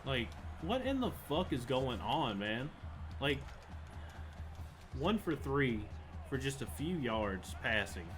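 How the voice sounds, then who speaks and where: A man's voice: medium pitch, big pitch swings, takes it slowly, pauses often, music in the background. A young man giving live commentary over a football video game, frustrated and swearing as he rants about the plays. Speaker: gaming channel host.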